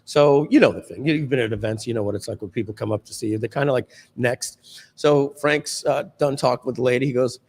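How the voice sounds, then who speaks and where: A man hosting a casual livestream chat, telling anecdotes in an animated way and laughing often. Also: medium pitch, a little fast, long reverb tail. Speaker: host.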